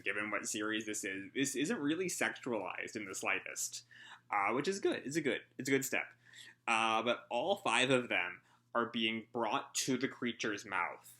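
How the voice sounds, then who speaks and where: A man's voice: fairly low pitch, very animated, normal speed, sharp tone. A man casually reading a manga chapter aloud and commenting, rambling with many ums and uhs, swearing freely and laughing along. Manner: laughs through his commentary. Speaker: manga reaction host.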